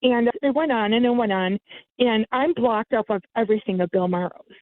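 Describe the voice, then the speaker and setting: A woman's voice: fairly quick, no echo. A woman telling the story of a scam in casual chat, animating it by mimicking others in a raised voice. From United States. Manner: lively, mimics others with sudden high pitch jumps. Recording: tinny phone line, dry.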